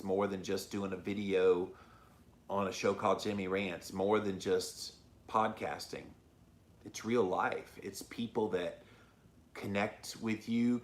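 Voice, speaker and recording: A man with a fairly low voice talks straight to his viewers, earnest and openly emotional. He hosts his own show in a casual, confessional manner. The room around him rings with echo. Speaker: host. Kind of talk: casual talk to camera.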